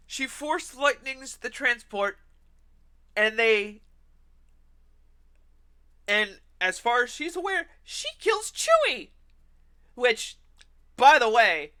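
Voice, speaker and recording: A man streaming while he plays a game, ranting in an animated, sarcastic way and swearing now and then. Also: high-pitched, clear, resonant tone. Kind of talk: ranting commentary while gaming.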